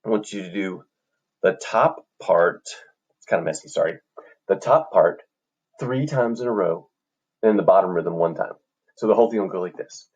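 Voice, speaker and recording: A man's voice: low voice, normal speed, long pauses, a little mellow, dull audio, slight background noise. A man teaching an online music lesson to children, upbeat and encouraging as he chants rhythm syllables, recorded on a computer microphone indoors.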